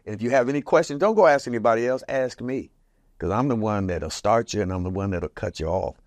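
A man in his seventies, grew up in Portland, Oregon, telling stories from his community in a casual, lively way and acting out the voices of people he quotes. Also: quick pace, dry recording. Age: 70s. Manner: lively, acts out quoted voices with big jumps in pitch and loudness. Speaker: interviewee recalling community history. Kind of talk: casual storytelling reminiscence.

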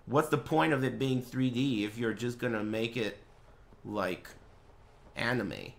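A young man live-streaming a game, chatting to viewers and swearing as he mock-rants and bursts into yelling at them. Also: mid-range voice, measured pace, creaky. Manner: profane, mock-ranting at chat, erupts into yelling. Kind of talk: live gaming stream commentary.

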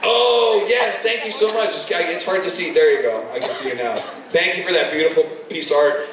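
A man speaking as a guest on a convention panel, effusive and animated, often restarting his sentences. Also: on the high side, a little fast. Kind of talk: casual panel talk. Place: large convention hall. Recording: echoey hall, far-off mic, crowd noise.

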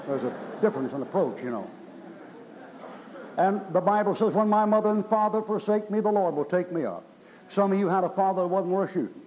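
A man's voice: sits high, a little fast, a little mellow, slight background noise, poor audio. A middle-aged man preaching a sermon in a folksy, emphatic way, his voice rising in bursts. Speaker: pastor.

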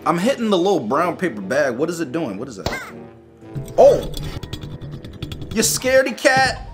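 A young man giving casual, joking commentary while playing a mobile game, reacting loudly and making sound effects. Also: fairly high pitch, sing-song, moderate pace, over music.

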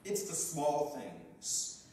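A man's voice: a little high, very animated, drawn-out words, mellow. A man preaching a conversational, earnest sermon, mimicking the voices he quotes. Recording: echoey church hall from far off, faint ambience.

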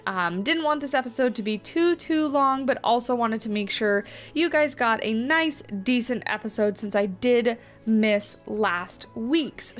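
A woman hosting a let's play, chatting casually as she builds in a zoo game and reacts aloud to what happens on screen. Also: fairly high pitch. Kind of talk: casual gameplay commentary.

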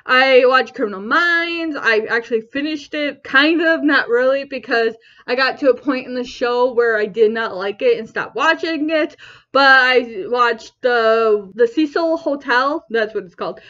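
Young woman, high voice, rambling casual vlog chat, laughs often, muffled lo-fi sound. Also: unhurried, pushed and bright. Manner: rambling, chatty, with frequent laughs and restarts. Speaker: vlogger. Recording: dull lo-fi recording.

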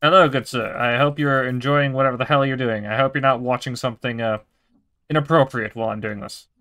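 A man's voice: medium pitch, fairly even intonation, fairly quick, fairly bright tone, lightly acted. A man putting on a mock-polite British gent. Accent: put-on British. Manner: mock-courteous, formal greetings. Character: overly polite British man greeting a resident.

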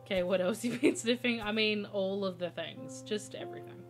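A woman's medium-pitched voice moves fairly quickly over background music as she streams a video game. She's a chatty storyteller, laughing often as she talks casually with viewers.

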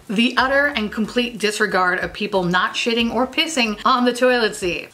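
Bright-voiced woman telling a profane funny story. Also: a little high. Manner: profane, animated, breaks into laughter; playfully dramatic asides to viewers. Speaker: beauty vlogger. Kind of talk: comic storytelling.

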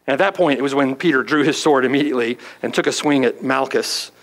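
A man preaching an expository sermon as pastor, emphatic and often asking "right?", then praying in a hushed, slow voice. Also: mid-range voice, gravelly, low-quality recording. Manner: hushed, slow in closing prayer.

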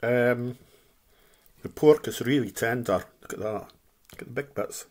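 A man's voice: mid-range voice, unhurried, darkish tone. Man chatting while eating, mouth full. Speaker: food reviewer. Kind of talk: casual food review vlog.

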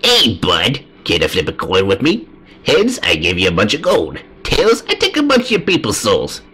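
A man's voice: lowish voice, huge pitch swings, normal speed, sharp tone, slightly rough, voice pushed up, full character voice. A man voicing a sly, chummy stranger who offers a coin toss for souls in a game. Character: shady male stranger gambling for souls.

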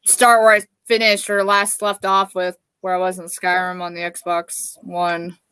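A woman's voice: lowish voice, flat delivery, a little slow, fairly bright tone, clear, resonant tone, no echo. A woman co-hosting a live stream, chatting casually with short, laid-back replies. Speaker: stream co-host.

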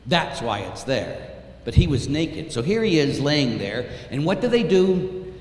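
A man, a priest, preaching a dramatic sermon, telling the story with intensity and swinging from hushed tones to shouts. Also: a little high, very animated, measured pace. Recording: echoey hall, light room noise.

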